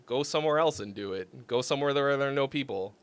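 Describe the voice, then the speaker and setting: A man's voice: mid-range voice, quick pace, clean tone. A man hosting a casual music critique livestream, rambling and laughing as he thinks aloud. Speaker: host.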